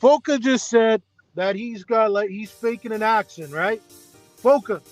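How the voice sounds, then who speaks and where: A man's voice: high voice, a little slow, faint music behind. A man on a heated livestream discussion, insistent and pushing to get his question in. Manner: insistent, keeps trying to cut in.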